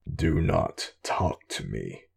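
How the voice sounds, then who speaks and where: A hulking, menacing dragon of a villain in an audiobook. The voice sits extremely low and crawls along slowly, rough with fry and husky breath. Every line comes out as a curt, grudging rumble. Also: male voice, very animated, exaggerated voice. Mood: grim, menacing. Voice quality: deep gravelly rumble, slow and breathy. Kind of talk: audiobook character voice.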